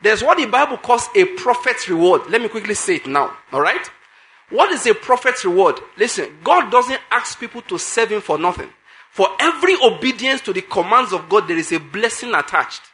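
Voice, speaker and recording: A male preacher with a high, bright, forceful voice. He preaches emphatically, circling back to repeated phrases and throwing questions at the congregation. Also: sing-song, normal speed. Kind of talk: sermon.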